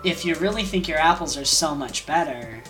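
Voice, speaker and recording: A woman voicing a scheming male trickster god who talks fast and wheedles in casual slang. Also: low voice, expressive, music in the background. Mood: coaxing.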